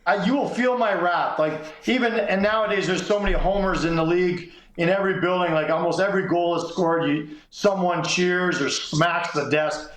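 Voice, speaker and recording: A middle-aged man spins a lively anecdote, slipping into the voices of the people in it. His voice sits a bit high for a man, and the room around him rings with echo. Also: normal speed, hardly any pauses. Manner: animated anecdote telling, acts out quotes. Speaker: sports columnist guest. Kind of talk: casual storytelling.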